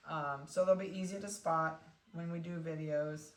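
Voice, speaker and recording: A woman's voice: sits low, steady tone, moderate pace, recorded from a distance. A woman dog breeder from central Ohio, chatting casually and laughing often as she weighs and collars puppies. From central Ohio, USA. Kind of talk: casual talk while handling puppies. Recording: echoey room, away from the mic.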